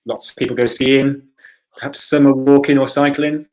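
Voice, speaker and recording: A man runs through quiz answers in a casual, friendly way. His pitch sits at a middling level for a man. He talks in a chatty way, with a few hesitations along the way. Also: fairly even intonation, normal speed, rough recording. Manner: easygoing, chatty, slightly hesitant. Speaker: quiz host. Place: home, livestream for a church quiz.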